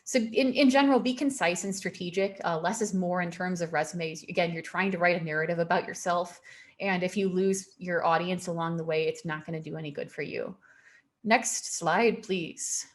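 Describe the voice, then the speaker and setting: A woman presenting a career webinar over a video call, emphatic and given to repeating her warnings with a quick laugh. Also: lowish voice.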